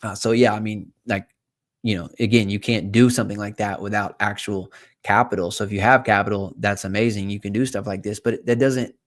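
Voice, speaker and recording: Low-voiced Southern country-accented man. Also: fairly even intonation, a little fast. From South Carolina. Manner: rambling, full of fillers and self-corrections. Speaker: fund manager and podcast host. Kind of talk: casual talk to camera.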